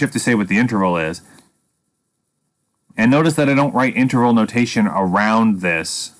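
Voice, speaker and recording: A man teaching a statistics lesson, explaining patiently and step by step with a dry sense of humor. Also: on the low side. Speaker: math teacher. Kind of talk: screen-recorded statistics lesson.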